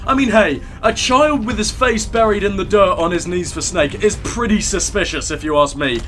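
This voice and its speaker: A man's voice: high voice, normal speed, fairly bright tone, a little hiss or hum. A young man casually commenting on his gameplay, joking irreverently and talking to the characters on screen. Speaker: let's play gamer.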